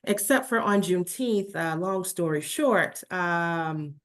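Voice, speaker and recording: A woman speaking on a video call, telling a personal story in a talk, animated and full of fillers and restarts. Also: lowish voice, slow pace. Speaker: speaker presenting slides.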